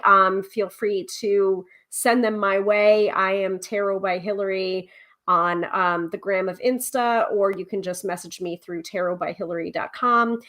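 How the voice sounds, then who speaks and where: A woman's voice: medium pitch, fairly bright tone. A woman hosting a casual tarot livestream from home, talking in a chatty way with lots of ums as she reads out viewer comments and book passages. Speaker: tarot reader and livestream host.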